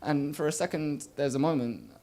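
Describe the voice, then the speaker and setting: Young man, spoken word poet, fairly high voice, rhythmic delivery, loud-to-hushed swings, small live stage. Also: normal speed. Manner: rhythmic, swings from loud bursts to quiet murmurs.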